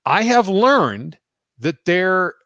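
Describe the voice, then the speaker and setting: His voice sits high and moves very slowly, captured in dull audio with no room sound. He's a US spiritual teacher and healer on a live stream, responding to viewers and telling stories animatedly while laughing a lot.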